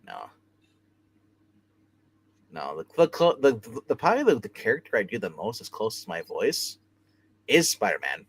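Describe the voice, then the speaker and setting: A man hosting a comic book livestream from his room at home, chatting casually with animated, rambling talk and frequent laughs. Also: fairly low pitch, moderate pace, pauses often, slightly rough. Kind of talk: casual chat.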